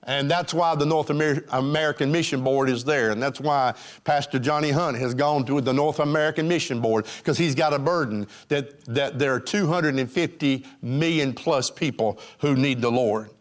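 A man's voice: medium pitch, normal speed, few pauses. A man preaching a sermon in a congregation, with an emphatic, rising and falling cadence and frequent fillers.

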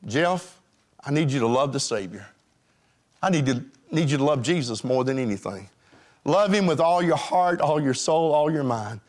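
A man's voice: a little high, expressive, normal speed, darkish tone. A man preaching a sermon as pastor, calling out questions to his congregation. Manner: emphatic preaching, calls out to the congregation.

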